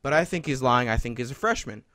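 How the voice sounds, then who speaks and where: A man's voice: medium pitch, expressive, fast, bright, forceful tone, dry recording, clean studio sound. A young man hosting a podcast, telling a long story in a rambling, profane way with many fillers, getting heated as he goes. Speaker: podcast host. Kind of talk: casual storytelling chat.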